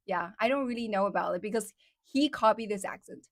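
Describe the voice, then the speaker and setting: A woman's voice: mid-range voice, a little fast, no room sound. A young woman from China with a Chinese accent, chatting casually on her live stream with many fillers. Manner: chatty, many fillers, reads out viewer comments.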